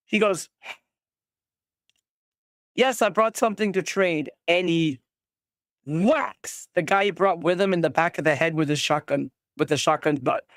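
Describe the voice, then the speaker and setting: A game master narrating a tabletop game in a casual, halting way, with many fillers and quick voices for each character. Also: medium pitch, fairly bright tone, dry recording, clean studio sound.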